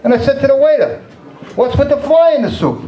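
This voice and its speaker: A man's voice: very high-pitched, sing-song, a little fast, reverberant, crowd noise, rough recording. A man doing a stand-up routine of one-liners, chuckling at his own jokes. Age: 60s. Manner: laughs at his own jokes, sighs "terrible". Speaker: stand-up comedian.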